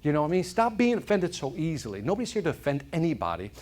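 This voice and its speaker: A man's voice: a little high, very fast. A man giving a motivational keynote to a live audience, telling stories and often asking the room questions. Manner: animated storyteller, asks the audience questions. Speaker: motivational speaker. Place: corporate event hall.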